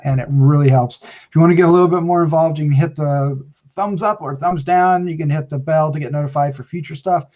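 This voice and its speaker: A man hosts a horror review podcast in casual chat. He is upbeat and teasing and nudges his co-hosts along. His voice sits a little high, and the recording sounds dull and lo-fi. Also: a little mellow. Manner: upbeat, teasing, self-correcting. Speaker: podcast host.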